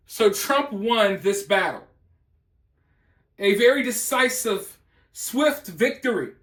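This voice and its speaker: A man's voice: sits high, animated, slow pace, pauses often, a bit bright, echoey room, distant mic. A man giving emphatic, mocking political commentary. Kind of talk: opinion commentary.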